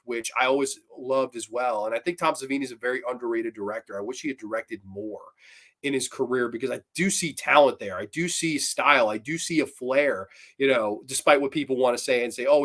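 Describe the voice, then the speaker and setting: A man hosting a horror review show, chatting casually, excitable and swearing freely. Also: medium pitch. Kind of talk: casual livestream chat.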